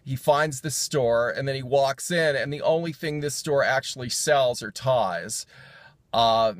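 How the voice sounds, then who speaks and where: A man with a mid-range voice recaps the jokes from a sermon in an unhurried, casual way, chuckling as he tells them. He rambles, using fillers and correcting himself along the way, and there is no room sound.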